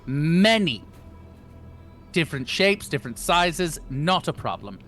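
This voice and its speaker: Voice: mid-range voice, lively intonation, moderate pace, a bit bright, faint music behind. A player in a tabletop game, joking in playful, boastful banter. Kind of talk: tabletop role-play chat.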